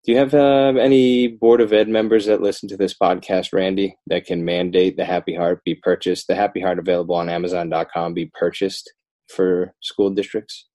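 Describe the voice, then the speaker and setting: Deep-voiced man, animated and dry. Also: moderate pace, no room sound. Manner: animated, self-interrupting, rising emphasis. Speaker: children's book author, guest. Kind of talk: casual interview talk.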